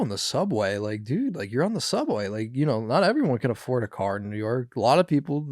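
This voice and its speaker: A man's voice: medium pitch, a little mellow, dry recording, studio quality. A young man hosting a podcast, chatting casually about news clips, rambling and swearing with many fillers. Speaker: podcast host.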